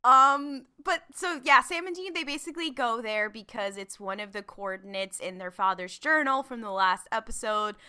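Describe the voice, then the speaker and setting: A woman's voice: on the high side, normal speed, few pauses, sharp tone, clear, resonant tone. A woman co-hosting a podcast, chatting casually with giggly, jokey asides. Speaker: podcast co-host. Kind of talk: casual recap chat.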